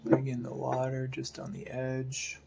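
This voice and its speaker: A man's voice: mid-range voice, measured pace, gravelly, heavy background noise. A man talking through his drawing process in a casual tutorial, thinking aloud and hesitating, often dropping to half-whispered asides. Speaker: art instructor.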